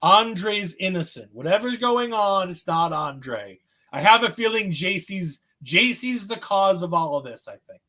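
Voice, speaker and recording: A man co-hosting a podcast, recapping in animated, casual chat and acting out what others said. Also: high-pitched, unhurried. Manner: animated storytelling, acts out quotes. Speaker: podcast co-host.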